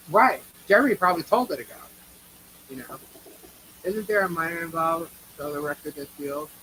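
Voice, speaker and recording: A woman's voice: mid-range voice, bright, forceful tone, rough recording. Woman, New York accent, live co-host; blunt and opinionated, casual cursing, light background noise. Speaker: livestream co-host. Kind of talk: casual live chat reacting to viewers.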